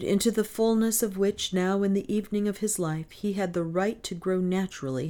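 A woman narrating a novel aloud in a measured, expressive storytelling manner. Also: lowish voice. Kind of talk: audiobook reading of a novel.

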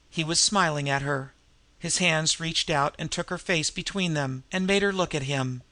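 Man narrating with a gravelly voice. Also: fairly high pitch, fairly even intonation, sharp tone, no room sound. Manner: measured storytelling. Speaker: audiobook narrator. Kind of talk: scripted narration.

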